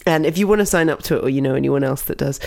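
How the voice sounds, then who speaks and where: A woman's voice: a bass voice, rapid-fire, vocal fry, a little mellow. A woman in her thirties introducing a story in a casual, giggly, chatty way as a podcast host.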